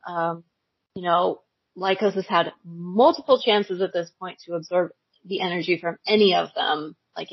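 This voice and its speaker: A woman co-hosting a podcast, recapping a cartoon in casual chat, animated, laughing often and saying like a lot. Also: on the low side, breathy edge, no room sound, muffled recording. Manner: animated, laughing, many likes and ums. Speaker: podcast co-host.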